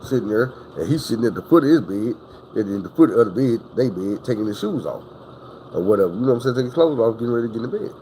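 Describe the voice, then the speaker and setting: A man's voice: mid-range voice, expressive, very fast, mellow, slight background noise, low-quality recording. A man telling a story in a casual, profane, rambling way.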